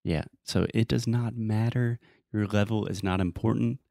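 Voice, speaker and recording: A man's voice: on the low side, fairly even intonation, normal speed, creaky, warm tone, dry recording, clean studio sound. A young American man with a Southern accent, hosting a casual chat and giving step-by-step advice. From United States. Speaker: host.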